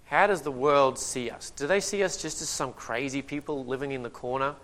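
A man's voice: mid-range voice, a little fast. A man preaching a sermon, telling the story with humor and acting out the quotes. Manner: lively, humorous retelling with acted-out quotes.

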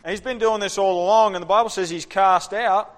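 A man delivers a lively, interactive sermon and slips into short acted voices as he preaches. His voice is fairly high for a man. It rings with the long reverb of a church hall. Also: fairly quick. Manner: animated preaching, acts out voices.

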